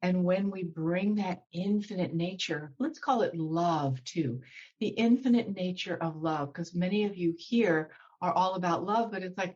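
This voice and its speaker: A woman guest speaking as a spiritual teacher, guiding a slow breathing meditation and then talking about emotions in a soothing way. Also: lowish voice, a little mellow, dull audio. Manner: soothing, slows down to guide breathing. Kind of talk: guided meditation and spiritual talk.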